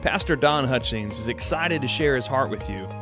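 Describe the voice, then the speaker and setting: A man's voice: medium pitch, lively intonation, moderate pace. A man reading a polished, upbeat podcast intro as the announcer. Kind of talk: scripted intro over music. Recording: voice over loud guitar music.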